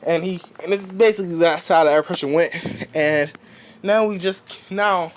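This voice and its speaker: Guy rambling thru a fan story, keeps restarting sentences, cusses casual, slightly high voice. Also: moderate pace, slight background noise.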